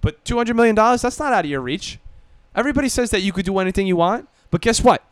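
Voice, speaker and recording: A man co-hosting a podcast in loose, profane banter. His voice sits a little high for a man and is recorded dry and close, with no room sound. He jokes around and sometimes slides into mock pep talks. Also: lively intonation, quick pace, clean tone, no echo. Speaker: podcast co-host. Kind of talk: casual podcast chat.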